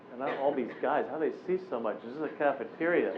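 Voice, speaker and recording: A man in his forties giving a keynote address to a room, telling animated personal stories and briefly voicing the people he quotes. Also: medium pitch, quick pace. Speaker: keynote speaker. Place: conference room with a live audience. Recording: tinny phone-like recording with faint noise.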